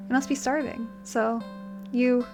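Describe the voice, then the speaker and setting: Her voice is a little high and steady, and she takes her time as music plays in the background. The young woman is doing a let's play, dramatically reading game text aloud and chatting hesitantly, with fillers, in between.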